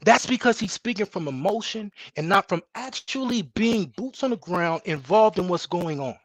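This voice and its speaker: A man's voice: high-pitched, lively intonation, moderate pace, dry recording. A man who is a guest in a heated panel debate, defensive and insistent, repeating himself to get a word in. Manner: defensive, insistent, calls others bro.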